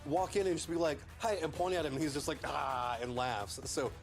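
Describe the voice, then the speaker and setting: A man's voice: on the high side, fast, faint music behind. A man breaking down esports matches on a live panel in an analytical way.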